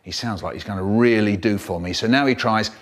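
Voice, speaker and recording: An older British man telling comic childhood stories in an animated way, switching to high voices for the children and to a low drone for his brother. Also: a little fast. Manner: low droning chant for the brother. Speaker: storyteller. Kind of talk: comic storytelling, remixed.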